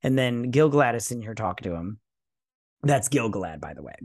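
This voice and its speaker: A man's voice: medium pitch, very animated, a little fast, dry recording, clean studio sound. A man hosting a TV review channel, recapping an episode in a casual, crude, mocking way and often stumbling to recall names. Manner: crude, mocking, loose paraphrase; hesitant, searching for names.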